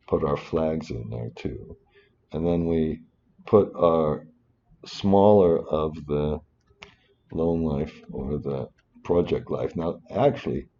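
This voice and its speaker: A man's voice: low voice, warm tone, dull audio, slight background noise. A man teaching finance over a spreadsheet in a rambling way, breaking off into muttered asides and apologies. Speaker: finance instructor. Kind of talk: screen-recorded spreadsheet tutorial.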